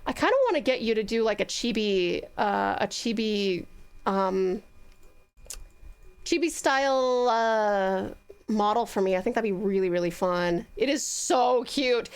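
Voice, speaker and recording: A woman's voice: mid-range voice, measured pace, clean tone. A woman with an Australian accent chatting casually on a live stream, bubbly and gushing with lots of fillers.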